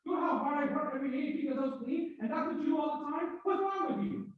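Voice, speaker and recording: Furious scolding spouse, high and shouting, put on by a male workshop leader. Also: quick pace, heavy reverb, far from the mic, phone-quality sound. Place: mosque hall, indoors.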